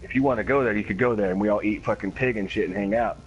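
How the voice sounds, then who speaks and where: A man's voice: lowish voice, racing, highs cut off, soft background music. Profane man telling laughing anecdotes. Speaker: gaming streamer. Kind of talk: casual storytelling while gaming.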